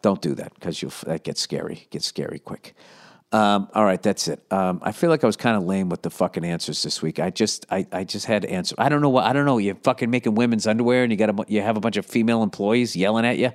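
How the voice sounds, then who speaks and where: A man's voice: fairly low pitch, fast talker. Blunt, foul-mouthed man giving advice. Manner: profane, blunt, rambling. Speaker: podcast host answering listener questions. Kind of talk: casual advice chat.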